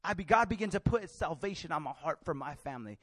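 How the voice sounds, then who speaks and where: Young male preacher, high voice, dry close sound, passionate with loud-to-quiet swings. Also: lively intonation, fast talker, no room sound. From Mexican family. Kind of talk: sermon.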